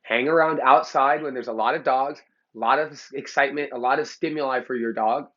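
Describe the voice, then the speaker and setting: Muffled audio captures a dog trainer in Los Angeles laying into the camera with blunt, profane opinions. His voice sits in the mid-range.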